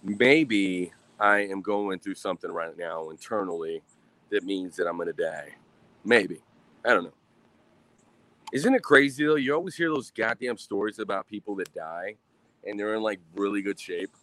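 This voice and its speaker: Man, mid-thirties, low voice, rambling casual vlog talk over beer, swears freely, sighs between thoughts. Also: expressive, normal speed, a bit bright. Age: 30s. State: drinking beer.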